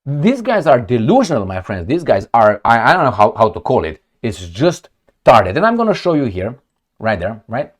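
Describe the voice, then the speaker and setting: Casually reading articles off the screen, a political commentator talks to his audience as if they were friends. The man is sarcastic, animated and prone to swearing, with a mid-range voice and moderate pace.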